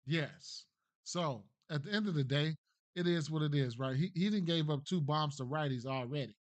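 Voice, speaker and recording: A man's voice: on the high side, normal speed, no echo. A man hosting a casual sports betting breakdown, loose and slangy, thinking aloud and checking in with "right?" as he goes. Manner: thinks aloud, trails off and restarts.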